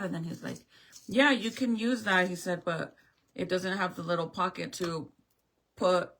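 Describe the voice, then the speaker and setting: Woman venting a storytime to camera, bright sharp voice, swears a lot. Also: lowish voice. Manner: animated, swears often, acts out both sides of the talk. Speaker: vlogger. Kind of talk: casual storytime rant.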